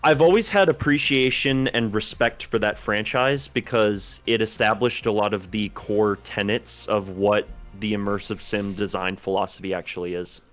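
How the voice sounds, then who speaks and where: A man co-hosting a podcast in casual chat, talking in a thoughtful, detailed way and pausing to search for names. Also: fairly low pitch, fairly bright tone, faint music behind. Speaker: podcast co-host.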